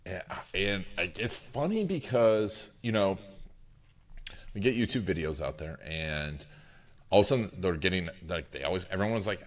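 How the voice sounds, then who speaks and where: Deep-voiced guy hosting a podcast, casual, trips over his words, pitch moves around a lot. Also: lively intonation, a bit bright. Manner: halting, restarts, casual. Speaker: podcast host. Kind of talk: casual interview chat.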